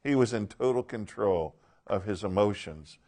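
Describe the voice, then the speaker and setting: A man's voice: lowish voice, expressive, moderate pace, warm tone. A man teaching a Bible class, speaking emphatically and asking his listeners questions.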